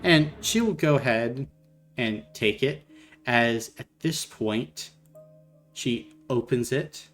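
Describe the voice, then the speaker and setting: A man's voice: mid-range voice, a bit bright. A man narrating scenes as the game master of a tabletop role-playing game. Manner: unhurried descriptive narration. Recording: faint background music.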